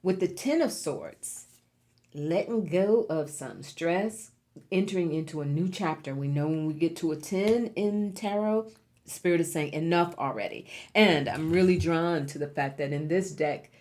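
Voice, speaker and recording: Woman, tarot reader, low voice, encouraging, emphatic, repeats key words. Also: measured pace, a little mellow. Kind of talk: pick-a-card tarot reading.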